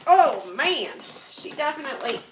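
Woman, 30s, high voice, bubbly livestream chat, distant mic, noisy background. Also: very animated, normal speed. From Pennsylvania, USA. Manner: chatty, bubbly, exclaims often, laughs a lot. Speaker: vlogger opening donations on a livestream. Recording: echoey room, voice away from mic, background noise.

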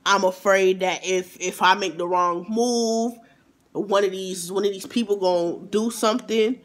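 A man vlogger telling a storytime in an animated, emphatic way, with exasperated asides. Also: high voice, measured pace. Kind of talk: storytime vlog.

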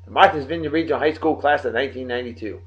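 A man hosting a daily beer and song show from home, rambling and joking as he gives birthday shout-outs to friends. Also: mid-range voice, very fast, muffled recording. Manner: rambling, jokey, talks straight to friends. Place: home in Texas.

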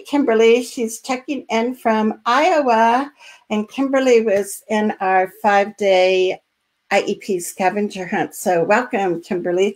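Woman, live online trainer, calm, encouraging, unhurried, filler words. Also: medium pitch. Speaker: host and special education advocacy trainer.

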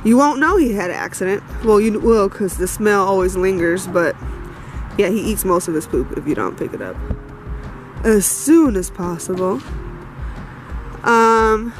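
A woman's voice: medium pitch, expressive, measured pace, pauses often, soft background music. A woman chatting casually in a home vlog, rambling and talking to her puppy as she walks between rooms. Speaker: vlogger, dog owner.

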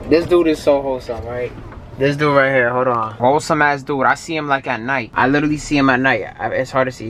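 A young man talking in a casual vlog, slangy and rambling, often getting animated. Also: medium pitch, a little hiss or hum. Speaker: YouTuber. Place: car at a drive-thru, then indoors at home.

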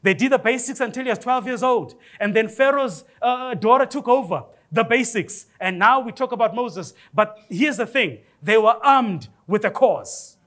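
Male pastor, very high voice, lively and joking from the pulpit. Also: normal speed, hardly any pauses. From Africa. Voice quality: high-pitched voice. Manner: animated preaching with rising exclamations and humor. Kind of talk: sermon. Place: church.

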